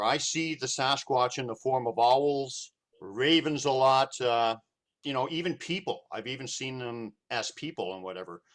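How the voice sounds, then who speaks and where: A man's voice: mid-range voice, fairly bright tone. Man, show host, casual interview chat, loose rambling delivery, filler words. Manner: loose, full of "you know" and "whatever".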